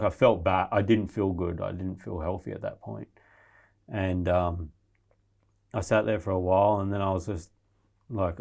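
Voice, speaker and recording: A man's voice: lowish voice, vocal fry, a little mellow. Swearing man telling a story. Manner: swears constantly, restless retelling of his ordeal. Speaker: podcast guest. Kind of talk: casual storytelling.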